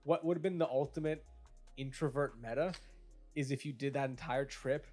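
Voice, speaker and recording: A man with a mid-range voice banters with his friends on a podcast, trading crude jokes and laughing them off. Soft music runs faintly behind him. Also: medium pitch, normal speed. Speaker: podcast co-host. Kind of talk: casual banter.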